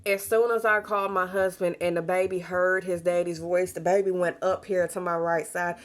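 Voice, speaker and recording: Young adult woman, lower register, casual and talkative vlog delivery. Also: little pitch movement, moderate pace. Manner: chatty, warm storytelling with Southern US slang. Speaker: pregnant vlogger. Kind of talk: casual chat to camera.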